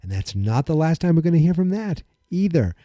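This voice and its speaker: A middle-aged man hosting a podcast, chatting casually about a film and acting out its lines in quick voices as he rambles. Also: on the high side, sing-song, warm tone, no room sound, dull audio. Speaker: podcast host. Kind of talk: casual movie commentary.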